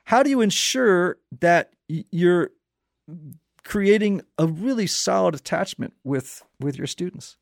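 Raspy guy hosting a chatty interview, bit higher voice, dry close sound, tells stories with lots of laughs. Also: unhurried, no room sound. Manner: animated storyteller, laughs often. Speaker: podcast host. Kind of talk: casual conversational interview.

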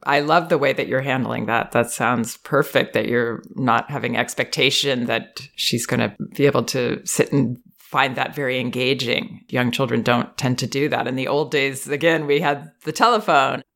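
A woman host giving parenting advice in a calm, measured, reassuring way. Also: extremely low pitch, vocal fry. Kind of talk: advice consultation.

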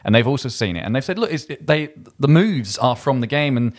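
A man chatting casually about a film, lively and quick, often restarting his sentences. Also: mid-range voice. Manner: animated, quick bursts, frequent restarts. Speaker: film review podcast host.

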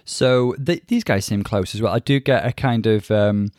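A man's voice: lowish voice, moderate pace, darkish tone, no room sound, studio quality. A man co-hosting a casual chat show, chatty and asking his partner questions. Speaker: podcast co-host.

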